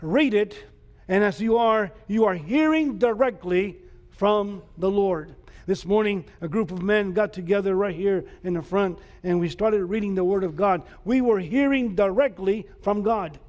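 A man's voice: sits high, a little slow, a little mellow. A man preaching a sermon as pastor, emphatic, with repeated rhetorical questions to the congregation. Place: church sanctuary. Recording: church hall reverb.

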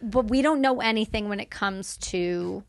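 A woman's voice: mid-range voice, normal speed, no room sound. A woman in her thirties from Canada, a podcast guest telling her story in candid, emphatic conversation. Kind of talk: casual conversation.

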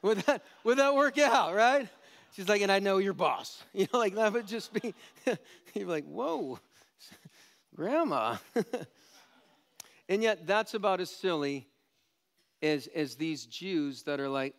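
A man preaching a sermon as pastor, animated and jokey, climbing to loud pleading peaks. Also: high voice, measured pace, long pauses.

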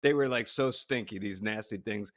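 A middle-aged former astronaut who co-hosts a podcast tells a funny story in casual chat, his plain voice fairly low and moderately paced. He often breaks into laughter and restarts his sentences, and he is said to be short of stature.

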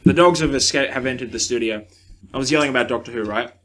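A man's voice: medium pitch, fast, a bit bright. A young man co-hosting a podcast, explaining eagerly in casual chat and swearing freely. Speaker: podcast co-host.

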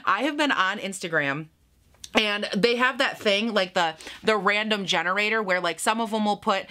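Young woman makeup vlogger, bright and forward tone, chatty and self-mocking, speaks straight to viewers. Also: mid-range voice, moderate pace. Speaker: beauty vlogger. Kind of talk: casual get-ready-with-me chat.

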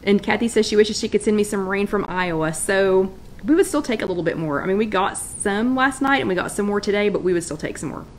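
A woman's voice: medium pitch, fast, slight background noise. A woman hosting a casual live online chat, greeting viewers by name and reading their comments aloud.

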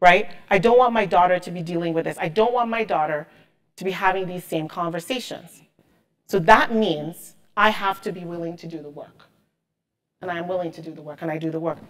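Emphatic, motivational woman on stage. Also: on the low side. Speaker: marketing executive, guest speaker. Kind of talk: onstage interview.

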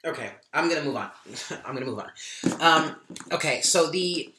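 A man talks through a tarot reading to his viewers, open and emotional, with casual swearing. His voice is bright and sharp-edged, and the room around him echoes. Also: a little high, animated, moderate pace, a little hiss or hum. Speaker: tarot reader.

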